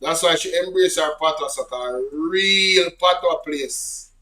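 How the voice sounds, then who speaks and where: A man's voice: a little high, a little slow, sharp tone, far from the mic, poor audio. A Jamaican man hosting his channel, chatting casually and switching between patois and English. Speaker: channel host. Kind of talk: casual commentary.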